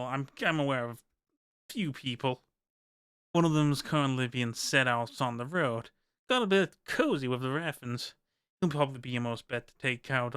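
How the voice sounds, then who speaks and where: Man playing a sly courteous informant, smooth clear voice, dry close sound, formal, faintly sarcastic, tabletop game character. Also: medium pitch, dry recording, close to an everyday voice. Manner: polite, formal and quietly sarcastic. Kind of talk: game master voicing a character.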